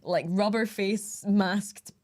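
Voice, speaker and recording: Woman, podcast co-host, chatty film recap, animated and jokey. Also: mid-range voice, slow pace. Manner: chatty, animated retelling with laughs. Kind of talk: casual film chat.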